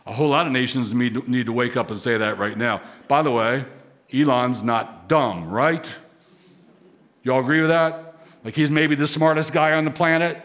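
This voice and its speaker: A man's voice: medium pitch, normal speed, a bit bright. A man preaching a sermon as pastor, emphatic, with rising, swelling repetition.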